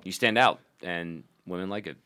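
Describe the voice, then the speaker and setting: A man co-hosting a podcast in casual chat, talking in an excitable, emphatic way. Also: low-pitched, normal speed, background noise. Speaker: podcast co-host.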